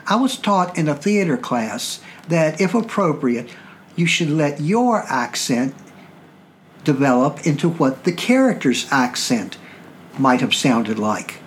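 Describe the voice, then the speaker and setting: Podcast host, man, Southern Virginia accent, slightly higher pitch, measured explainer, faint room hum. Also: big pitch swings.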